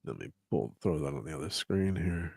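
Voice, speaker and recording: A man's voice: a bass voice, expressive, a little fast, creaky, a little mellow, breathy edge, dry recording, clean studio sound. A man hosting a casual livestream chat, rambling with lots of fillers and chuckles while he fiddles with his slides. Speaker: host.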